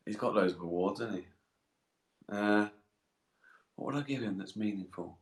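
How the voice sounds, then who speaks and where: A man's voice: lowish voice, normal speed. A middle-aged man chatting on a live stream from his bath, rambling, swearing and chuckling, tired and sleepy. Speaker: comedian hosting a live stream. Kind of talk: casual live-stream chat. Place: in a bath, bathroom. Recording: echoey bathroom.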